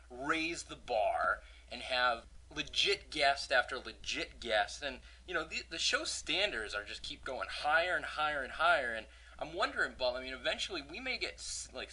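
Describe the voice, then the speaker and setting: Guy hosting a fantasy sports podcast, super bright voice, jokey ranting. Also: on the high side. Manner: joking, ranting about a pet peeve. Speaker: podcast host. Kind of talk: casual podcast chat.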